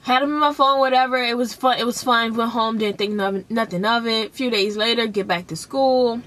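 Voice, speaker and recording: A young woman with a high voice tells a school drama story straight to camera. She talks in a casual, profane, animated way and acts out the other people's lines as she goes. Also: a little fast. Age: young adult. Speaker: vlogger telling a story.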